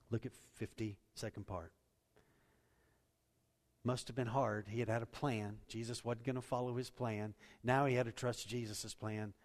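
A male pastor delivers a dynamic sermon, dropping to quiet, low stretches and then climbing to loud, raised ones. His voice sits at a middle pitch for a man. A long reverb trails each phrase in the large hall.

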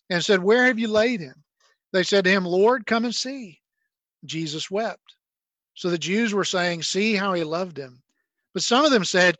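Male pastor, high-pitched, relaxed conversational preaching with frequent restarts, close dry mic. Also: no room sound, dull audio. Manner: conversational, many repeated "and"s and restarts. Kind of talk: sermon with scripture reading.

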